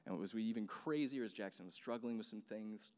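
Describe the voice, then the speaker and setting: A man's voice: lowish voice, brisk. A man in his thirties telling a personal story as a sermon, speaking casually with many fillers. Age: 30s. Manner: conversational, animated, many fillers. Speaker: pastor. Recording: long hall reverb.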